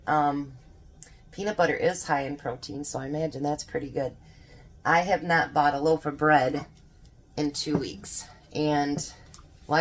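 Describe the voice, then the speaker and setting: Woman, low voice, chatty and folksy, laughs a lot, home kitchen vlog. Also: slight background noise. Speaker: home cooking vlogger. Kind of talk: casual cooking vlog chat.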